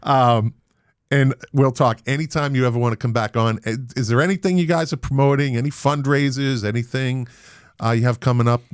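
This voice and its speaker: A man with a Boston accent hosting a podcast interview, animated and emphatic, with casual swearing. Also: mid-range voice, brisk, clean tone, dry recording, clean studio sound. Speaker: podcast host.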